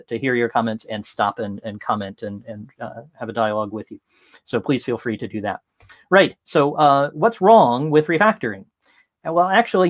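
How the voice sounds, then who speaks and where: Man, casual talk from home, chatty with lots of fillers, mid-pitched voice, dry close sound. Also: no echo. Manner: casual, many fillers, lively storytelling. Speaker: tech consultant and speaker. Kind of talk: interactive online talk.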